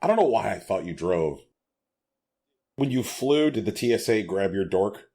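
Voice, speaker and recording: Guy with a lowish voice telling a crude story, blunt and jokey. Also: big pitch swings, moderate pace, mellow. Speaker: podcast co-host. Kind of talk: casual chat.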